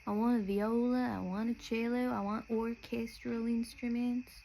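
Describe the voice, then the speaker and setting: A woman's voice: fairly high pitch, level tone, normal speed, vocal fry, warm tone, slight background noise, poor audio. A young woman from Nashville, talking in a rambling, chatty podcast monologue that often breaks off and restarts mid-sentence. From Nashville, Tennessee. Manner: chatty, meandering, self-interrupting. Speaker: podcast host.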